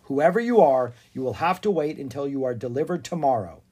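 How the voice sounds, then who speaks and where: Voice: medium pitch, animated, fairly quick, dark tone, husky. Officious, by-the-book postmaster, as the narrator puts him on. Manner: formal, officious. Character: stiff, official-sounding postmaster. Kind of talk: storybook read-aloud.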